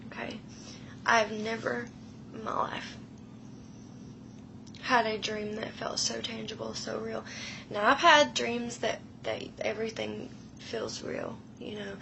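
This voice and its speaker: A woman in her thirties retelling a frightening personal experience in a slow, emotional, hushed way, often dropping her voice low. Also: animated, gravelly, noisy background. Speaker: storyteller. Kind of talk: personal paranormal story.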